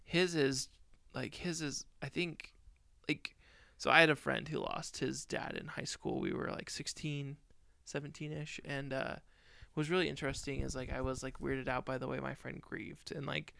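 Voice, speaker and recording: A man's voice: mid-range voice, flat delivery, moderate pace, gravelly, bright, forceful tone, no room sound, clean studio sound. A man co-hosting a podcast, talking through a film review in casual chat, rambling with lots of fillers. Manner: rambling, lots of "like" fillers, tells personal stories. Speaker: podcast co-host.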